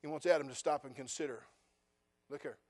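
A man with a fairly high voice delivers a sermon from the pulpit. He fires plain, pointed questions at the congregation and slips in dry, sarcastic asides. His delivery swings between hushed remarks and loud, rising stretches of preaching. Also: a little fast. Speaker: pastor.

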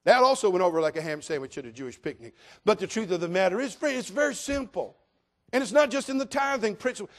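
A man preaching a sermon as pastor, folksy and full of jokes, swinging between loud declarations and hushed asides. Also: sits high.

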